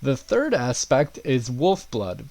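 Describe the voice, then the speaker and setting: A man doing a calm knight drill instructor. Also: medium pitch, slow, no room sound. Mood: instructive. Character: stern adult male knight drill instructor.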